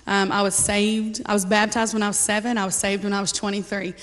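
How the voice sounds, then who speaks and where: A woman's voice: mid-range voice, flat delivery, brisk, a bit bright, slight background noise. A woman sharing a personal testimony with a church congregation, speaking casually and earnestly with frequent ums and light laughter. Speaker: church member giving a testimony. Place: church sanctuary. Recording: reverberant church hall.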